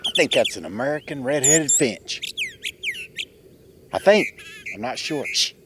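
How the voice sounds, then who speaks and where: A man chatting casually on an outdoor vlog, hushing and coaxing while he walks and sits to listen for birds. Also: mid-range voice, lively intonation, a little slow, background noise. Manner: hushed, coaxing, folksy. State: a bit out of breath. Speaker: vlogger. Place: outdoors in woods.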